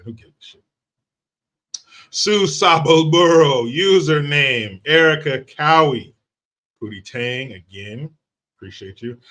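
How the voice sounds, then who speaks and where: A man's voice: fairly high pitch, bright, forceful tone. Brash, sarcastic man hosting commentary. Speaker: political commentary host. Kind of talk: casual livestream commentary.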